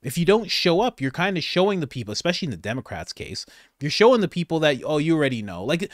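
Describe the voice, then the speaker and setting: A male host and political commentator gives casual, sarcastic, excitable commentary on news clips, his pitch swinging up and down a lot. He talks a little fast, rambling and restarting mid-sentence. The sound is dry and close-miked, with no room sound.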